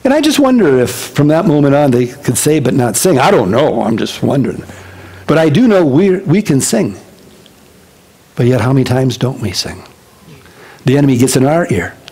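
A male pastor giving a casual Bible-teaching sermon to his congregation, animated and conversational with joking asides. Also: mid-range voice, normal speed, slightly rough. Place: church service before a congregation.

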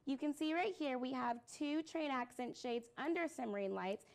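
A woman's voice: high voice, animated, moderate pace, gravelly. A woman co-hosting a live product stream, presenting items in an upbeat, enthusiastic way. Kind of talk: casual live product demo.

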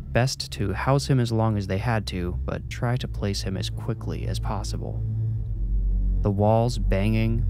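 Brief: low, measured male horror storyteller with music underneath. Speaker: narrator. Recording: music playing behind.

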